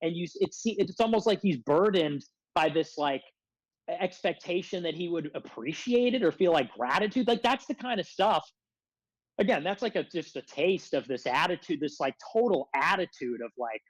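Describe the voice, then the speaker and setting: A man's voice: a little high, lively intonation, normal speed, no room sound, poor audio. Rambling, aggrieved man on a dry mic. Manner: rambling aggrieved rant, heavy use of filler "like". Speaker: podcast guest. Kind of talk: casual podcast conversation.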